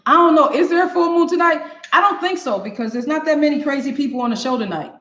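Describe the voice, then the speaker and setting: With a high, slightly bright voice and lively intonation, the host talks quickly and barely pauses. She's running a live cooking demo at home, addressing viewers head-on and laughing often. The kitchen echoes, and the sound is dull and lo-fi.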